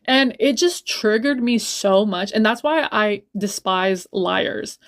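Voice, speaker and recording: A young woman venting through a casual livestream storytime, with a voice of average pitch for a woman. She is blunt and swears freely. When she gets heated, she circles back and repeats her points for emphasis. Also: slow, a bit bright. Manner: blunt and profane, swears a lot.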